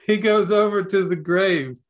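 A man's voice: high voice, measured pace. An older man teaching a spiritual talk, storytelling playfully and laughing often. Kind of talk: sermon.

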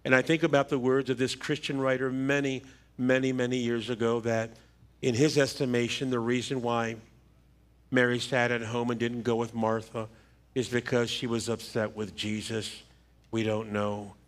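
A middle-aged man, a pastor, giving a funeral sermon in a church with a measured, halting delivery and repeated words. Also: mid-range voice, flat delivery. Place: church sanctuary. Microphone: livestream church microphone.

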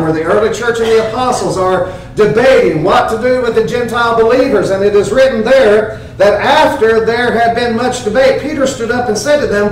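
Man, high-pitched pastor, earnest emphatic sermon, distant mic in a very echoey sanctuary. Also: slight background noise. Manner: earnest, emphatic preaching with rhetorical questions. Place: church sanctuary. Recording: very echoey church, heard from afar.

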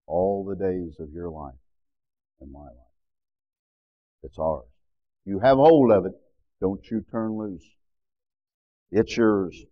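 A man preaching a sermon, leading a congregation in a repeat-after-me covenant prayer in a measured, solemn cadence. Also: low voice, highs cut off. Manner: leads repeat-after-me prayer, then shouts praise and speaks in tongues.

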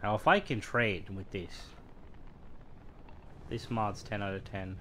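While streaming a game, a young man chats in a rambling way, with many fillers and jokey asides. He talks slowly in a fairly low, fairly bright voice. Slight background noise comes through.

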